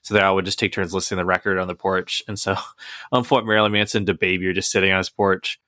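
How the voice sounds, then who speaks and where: A man with a low but bright, forceful voice rambles animatedly through stories on a podcast, full of asides and restarts. The sound is dry and close, with faint music underneath. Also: little pitch movement, fast talker, dry recording. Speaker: podcast co-host. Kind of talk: casual podcast chat about movies.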